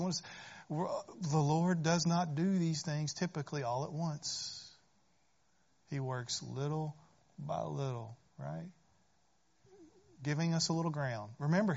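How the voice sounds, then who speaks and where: A man's voice: a little high, creaky. Earnest man preaching a sermon, lo-fi. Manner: earnest, rises to fervent pleas with frequent "right?". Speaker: pastor. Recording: dull lo-fi recording.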